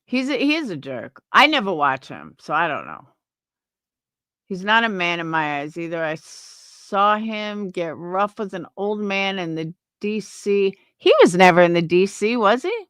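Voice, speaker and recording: A young woman vents on her stream in an angry, scornful, profane rant. Her pitch swings widely from high outbursts to low mutters. The recording is dry and close. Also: very animated, measured pace, a bit bright, clean tone, dry recording. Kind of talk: livestream reaction rant.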